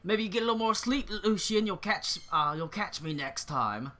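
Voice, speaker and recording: A man voicing a jeering young tavern bully, taunting and mocking in a raised, loud voice. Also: on the high side, unhurried.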